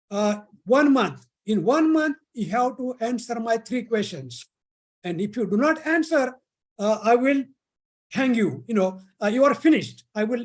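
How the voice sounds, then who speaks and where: A proud young king, quick to anger and barking out threats and orders, as the storyteller puts him on. The voice sits at a middling pitch and delivers its demands in blunt, commanding bursts. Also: a little mellow. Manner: angry, commanding.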